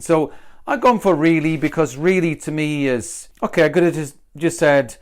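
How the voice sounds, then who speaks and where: A man from Britain, with a voice sitting a little on the high side, leads a relaxed English pronunciation lesson. He thinks aloud as he goes and says each example sentence over several times, moving the stress to a new word each time. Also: normal speed. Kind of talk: explanatory lesson.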